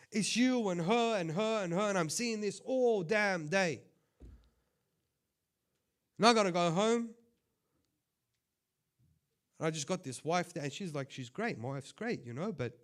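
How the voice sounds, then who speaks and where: A man who is a sheikh giving a conversational sermon, swinging between loud impassioned appeals and quiet asides. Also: a little high. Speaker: sheikh giving a religious talk.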